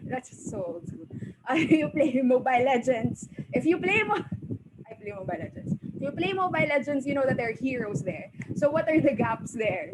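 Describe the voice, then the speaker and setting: A bubbly woman with a Filipino accent, chatting as a panelist and laughing at herself often. Her voice sits a little high. A loud background hiss runs under her video call audio.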